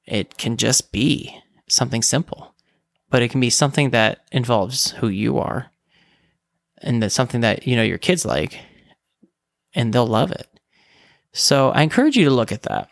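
A man's voice: mid-range voice, expressive, moderate pace, vocal fry, long pauses, no echo, studio quality. A man hosting a podcast, talking casually on his own with fillers and self-corrections. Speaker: podcast host. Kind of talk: casual solo podcast talk.

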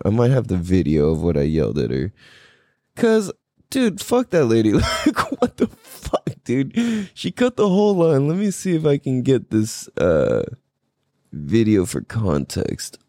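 Male podcast host, lively sweeping pitch, dry close sound, profane, laughing, casual storytelling. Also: moderate pace, dry recording. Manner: animated, profane, laughing often.

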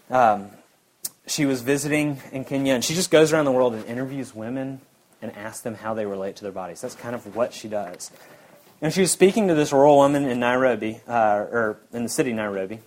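A man's voice: mid-range voice, a little mellow, slight background noise, poor audio. A man preaching a sermon in an earnest, emphatic way, repeating his key points.

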